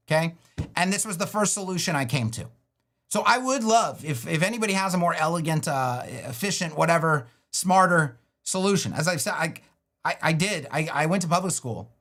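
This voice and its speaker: High-voiced man ranting on a web design stream. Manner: animated and ranting, with sarcastic put-on voices and profanity. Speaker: web design educator on a livestream. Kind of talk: casual livestream teaching with a screen demo.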